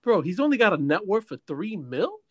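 Animated joking man, lively high voice. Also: a little fast. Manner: animated, joking, exclaims a lot. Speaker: podcast co-host. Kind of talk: casual chat.

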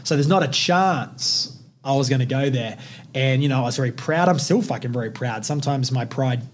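A young podcast host tells personal stories bluntly and intensely, cursing heavily in a casual storytelling style. He speaks fairly quickly at a medium pitch, and the recording carries a little hiss or hum.

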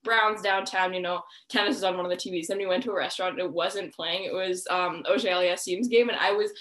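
A young woman hosting a casual sports podcast, bubbly and quick to laugh, saying "like" and "awesome" a lot. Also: fairly low pitch, fairly even intonation, fairly bright tone, reverberant. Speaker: podcast host.

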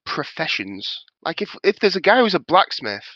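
A man's voice: fairly high pitch, dry recording, highs cut off. A man joking around while playing a tabletop game with friends. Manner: lively, joking, fast bursts. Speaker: player. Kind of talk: casual game-table chat.

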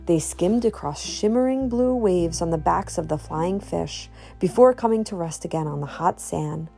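A woman reading a children's storybook aloud in an expressive, animated way. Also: on the low side, normal speed, creaky, few pauses, soft background music.

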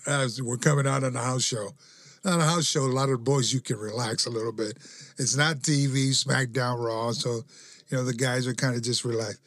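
Relaxed male podcast host telling stories. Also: medium pitch, no echo. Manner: laughs often, relaxed, drawn-out anecdotes. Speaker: podcast host, former wrestler. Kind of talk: casual storytelling chat.

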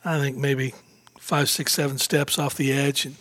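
A man, a guest on a talk show, telling an anecdote in a casual, animated way, acting out quotes and laughing often. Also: medium pitch, moderate pace, no room sound. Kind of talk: casual storytelling interview.

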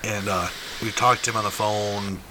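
A man's voice: on the low side, fairly even intonation, moderate pace, noisy background. A man with a New York accent co-hosting a podcast, chatting casually with lots of swearing and laughter. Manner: profane, chatty, laughs a lot. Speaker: podcast co-host.

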